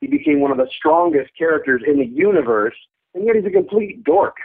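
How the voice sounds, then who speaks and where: A man in his thirties, a voice actor chatting in an interview, animated and laughing often as he slips into quick character voices. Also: high-pitched, gravelly. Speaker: voice actor guest. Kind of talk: casual interview chat. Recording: tinny phone-like archive audio.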